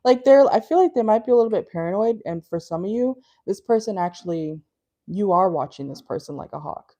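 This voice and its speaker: A woman's voice: mid-range voice, expressive, a little fast, mellow. A woman from Minnesota with a Minnesotan accent, giving a casual, blunt, talkative tarot reading from her car, full of fillers and laughter. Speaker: tarot reader. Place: parked car.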